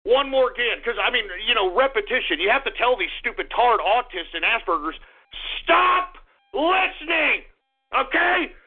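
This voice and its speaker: High-voiced man ranting over tinny audio. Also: fairly quick, few pauses, breathy edge. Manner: angry, repetitive, often shouting. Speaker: show host. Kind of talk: ranting monologue broadcast. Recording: tinny phone-like lo-fi sound.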